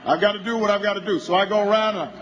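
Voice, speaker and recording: A man with a strikingly high voice tells a long story at a campaign rally. He works slowly toward bursts of shouting, and a faint ambient hum runs underneath. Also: steady tone, dull audio. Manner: anecdotal storytelling that builds to shouting. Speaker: politician.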